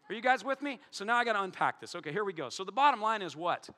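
Animated high-voiced man preaching. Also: fast, hardly any pauses. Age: adult, married. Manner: animated, joking, swings from loud to hushed. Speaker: pastor. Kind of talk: sermon. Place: church hall before a congregation. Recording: long hall reverb.

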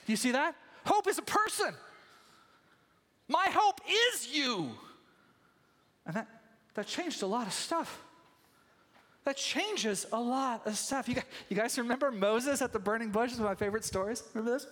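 Male pastor, high-pitched, animated storyteller, preaching in a reverberant hall. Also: moderate pace, long pauses. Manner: animated storytelling, acting out voices. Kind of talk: sermon.

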